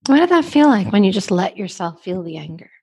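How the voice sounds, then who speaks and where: A woman's voice: medium pitch, sing-song, a little fast, darkish tone, slightly rough. A woman hosting a casual podcast, asking reflective questions and giving brief affirmations. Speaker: podcast host.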